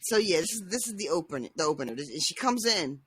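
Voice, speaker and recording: A woman's voice: lowish voice, big pitch swings, fast talker, a bit bright, slightly rough. A woman co-hosting a podcast, chatting casually about a book, laughing often and swearing freely. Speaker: podcast co-host.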